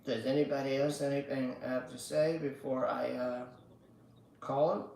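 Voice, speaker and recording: A man hosting a casual livestream, ranting slowly and profanely and chanting slogans. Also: mid-range voice, flat delivery, gravelly, darkish tone, reverberant, slight background noise. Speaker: livestream host. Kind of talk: casual political livestream rant.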